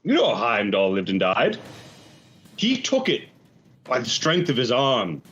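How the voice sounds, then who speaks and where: Casting: cool, slow-talking pirate schemer, taunting, played by a man, on a slightly dull mic. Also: mid-range voice, wildly swooping pitch, a bit bright, slightly rough, full character voice. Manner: measured, taunting. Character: cool calculating male pirate officer.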